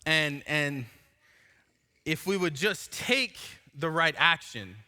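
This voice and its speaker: A man's voice: on the high side, expressive, slow pace, pushed and bright. A man in his thirties, a pastor, giving a sermon in a church, telling a self-mocking personal story in a casual way. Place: church sanctuary.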